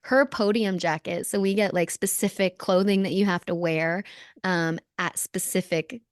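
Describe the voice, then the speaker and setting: A lively woman from Canada in her thirties tells stories and laughs often, in casual conversation. Her voice sits a little low for a woman. The sound is dry and close, with no room around it. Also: normal speed, smooth, no room sound. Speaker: podcast guest, former Olympic snowboarder.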